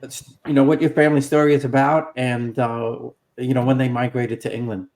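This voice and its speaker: A man hosting a casual panel chat, relaxed and friendly, with some fillers. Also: medium pitch, brisk. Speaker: host.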